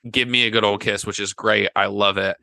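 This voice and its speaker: A young man, a podcast guest, telling animated stories in casual chat and acting out his own past lines. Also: fairly low pitch, fairly quick, gravelly, no echo. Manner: animated storytelling, acts out his own past words in whispers.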